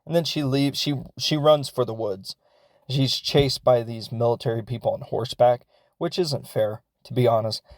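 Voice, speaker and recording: A man's voice: mid-range voice, moderate pace, dry recording. A man hosting a podcast, recapping a film in a casual, rambling way, with lots of fillers and laughs as he goes. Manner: rambling and chatty, many fillers; laughs as he talks. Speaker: podcast host.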